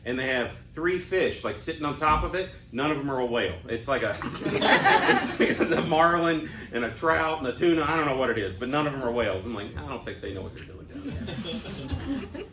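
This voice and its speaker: A man's voice: mid-range voice, a little fast. A man, a comedian contestant, telling rambling comic stories and laughing at his own jokes. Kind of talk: storytelling comedy banter. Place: comedy club stage, live audience. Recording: echoey live club with noise.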